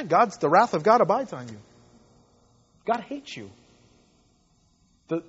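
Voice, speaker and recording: A man preaching a sermon as pastor, impassioned, dropping to hushed tones and rising to loud emphasis. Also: sits high, breathy edge, highs cut off.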